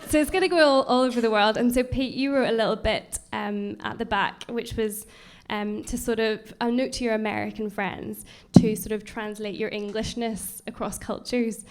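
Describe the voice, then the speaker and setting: A woman's voice: fairly high pitch, fairly even intonation, moderate pace. A woman hosting a live-streamed book launch, chatty and upbeat, with frequent ums. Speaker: event host.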